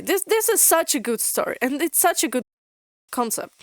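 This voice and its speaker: Expressive woman streamer, dry close sound. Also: sits high, normal speed, no room sound. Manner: expressive, stumbles while reading aloud. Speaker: VTuber streamer. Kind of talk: reading and reacting to comic blurbs.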